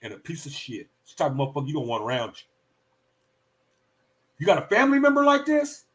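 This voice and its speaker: Animated profane man ranting commentary. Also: on the high side, fast. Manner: animated, profane, slips into mock voices. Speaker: live stream host. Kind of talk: casual heated commentary.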